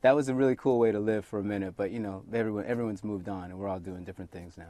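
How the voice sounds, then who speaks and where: A middle-aged man chats as a talk show guest, low-pitched and unhurried. He tells wry stories about himself. The sound is dry and close. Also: no room sound. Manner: relaxed, wry anecdotes. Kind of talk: casual talk show chat.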